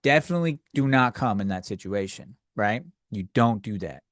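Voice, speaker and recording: A man's voice: fairly low pitch, animated, moderate pace, no echo, studio quality. A man hosting a solo comedy podcast, ranting crudely and rambling, acting out the people in his stories. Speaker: podcast host.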